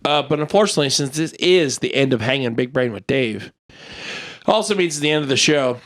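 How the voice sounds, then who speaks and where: A man's voice: mid-range voice, lively intonation, brisk. A man hosting a casual comedy podcast, joking his way through the sign-off. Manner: goofy, joking sign-off banter. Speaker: podcast host.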